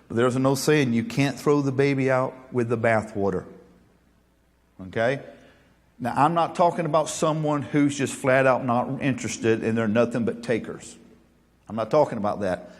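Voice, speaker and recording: A man's voice: mid-range voice, moderate pace, big-room sound. A male pastor preaching a sermon, folksy and joking, then earnest and emphatic.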